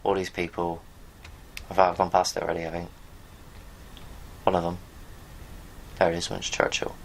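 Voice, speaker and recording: Blunt man with a lowish voice. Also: completely flat delivery, moderate pace, pauses often. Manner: rambling, blunt, swears, talks straight to viewers. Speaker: video host. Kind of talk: casual commentary while reading from pages on screen.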